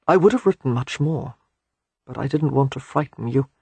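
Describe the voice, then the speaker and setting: A narrator giving voice to a gentle young man in love, murmuring in a hushed, low, breathy voice close to the mic. His husky softness stays intimate and unhurried, a romance reading with a dry, close sound. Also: animated, dry recording. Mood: tender murmur. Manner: soft, murmured, low delivery.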